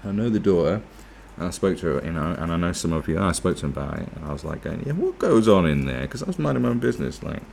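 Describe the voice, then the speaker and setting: Sweary sarcastic man, deep voice. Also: lively intonation, rapid-fire, creaky, darkish tone, slight background noise. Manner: sweary, sarcastic, mocking asides with put-on voices. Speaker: political commentary vlogger. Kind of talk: casual ranting commentary, reading and reacting to an article.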